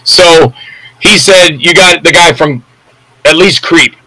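Bright-voiced older man telling anecdotes. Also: on the high side, slow pace, no room sound, poor audio. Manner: rambling anecdotes, acts out quoted voices. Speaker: actor and interview guest. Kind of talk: casual storytelling interview.

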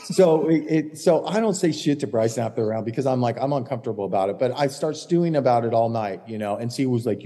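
A man's voice: medium pitch, fast, hardly any pauses, dark tone, in a large hall. A man co-hosting a podcast, telling a heated caddie story in blunt, profane casual chat. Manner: blunt, heated, swears constantly. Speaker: podcast co-host, former tour caddie.

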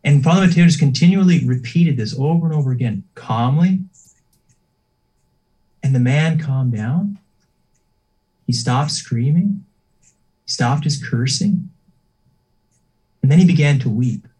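A man's voice: on the high side, expressive, dark tone, breathy edge, poor audio. Earnest man telling a sermon story. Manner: earnest, unhurried, acts out quoted voices. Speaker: preacher.

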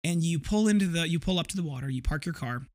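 Fast and expressive, with a fairly high voice, this thirtysomething podcast host spins a casual, vivid storytelling monologue that wanders and keeps restarting.

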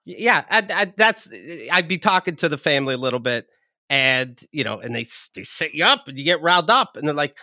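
High-voiced man ranting on a podcast. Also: sing-song, brisk, bright, forceful tone, dry recording, clean studio sound. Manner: heated, profane ranting. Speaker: podcast co-host. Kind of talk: casual podcast chat.

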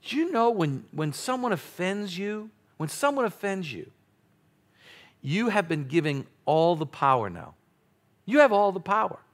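A male pastor preaching a sermon, playful and animated, with sudden loud exclamations. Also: sits high, measured pace.

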